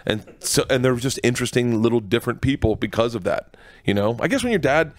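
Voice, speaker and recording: A man's voice: mid-range voice, animated, fast talker. A man from Florida, a stand-up comedian, telling stories in a radio studio interview, laughing and acting out the people he quotes. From Florida, USA. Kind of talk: storytelling interview.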